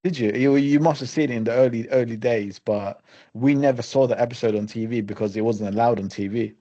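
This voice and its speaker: A man's voice: medium pitch, brisk, mellow. A man co-hosting a casual podcast, blunt and full of fillers. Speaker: podcast co-host. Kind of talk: casual chat. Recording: dull lo-fi sound.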